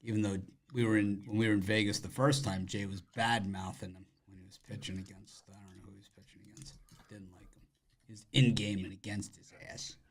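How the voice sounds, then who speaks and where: A man hosting a live sports betting show, talking in quick, loose banter with slang. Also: fairly low pitch, little pitch movement. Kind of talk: casual live-stream chat.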